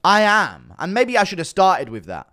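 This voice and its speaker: A man's voice: sits high, wildly swooping pitch, moderate pace, bright, forceful tone. A man ranting casually as an online commentator, defensive and sarcastic, swearing often. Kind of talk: casual rant to camera.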